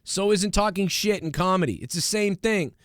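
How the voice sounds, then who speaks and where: A man's voice: high-pitched, normal speed, fairly bright tone, dry recording, clean studio sound. A young man hosting a podcast, ranting casually with lots of swearing, fillers and restarts. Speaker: podcast host. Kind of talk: casual comedic rant.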